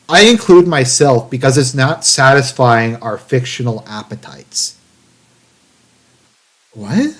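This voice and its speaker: A man of average pitch reads a news article aloud during a live stream, lifting his voice into a mock-dramatic delivery for the text. Between passages he drops into dry, sarcastic, profane asides, rambling with plenty of fillers. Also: animated, takes it slowly, pauses often, a bit bright. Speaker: streamer reading and mocking an article.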